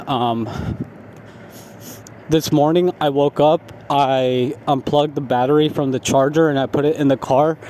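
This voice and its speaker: Young dude rambling a story, swears a lot, laughs at himself, faint traffic noise. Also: male voice, medium pitch, mellow. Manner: rambling, profane, self-mocking, laughs at himself. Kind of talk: casual storytelling vlog.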